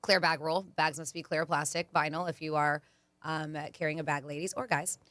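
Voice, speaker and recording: A woman hosting a radio show, chatting casually and reading out event deals with quick asides. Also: sits low, fairly even intonation, a bit bright, no echo. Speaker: radio host.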